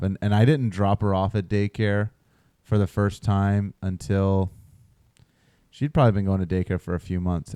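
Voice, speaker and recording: A man in his thirties co-hosting a podcast, telling a story in a relaxed, casual way with quick restarts. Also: lowish voice, clean tone, dry recording, clean studio sound. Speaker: podcast co-host. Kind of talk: casual chat.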